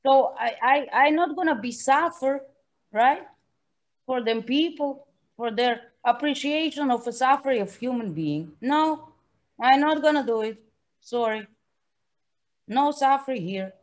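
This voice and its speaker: High-voiced woman, slow emphatic speech. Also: expressive. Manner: emphatic, frequent "yeah?" and "right?" tags, occasional swearing. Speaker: artist and painter, guest. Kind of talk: passionate conversational interview.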